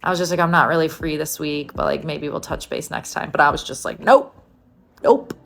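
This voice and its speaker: A woman's voice: low voice, flat delivery, fast, gravelly, fairly bright tone. Chatty young woman telling a dating story. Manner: chatty, lots of "like" and quoted dialogue. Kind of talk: casual storytime.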